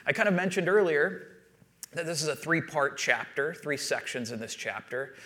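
A man in his thirties preaching a sermon, telling family stories in a relaxed, self-deprecating way. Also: fairly high pitch, moderate pace. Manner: conversational storytelling with self-deprecating humor. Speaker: pastor.

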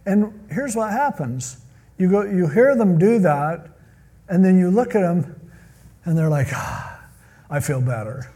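A man's voice: high voice, expressive, unhurried, mellow, slightly rough. A man preaching a sermon in a conversational way, often acting out the people he quotes. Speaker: pastor.

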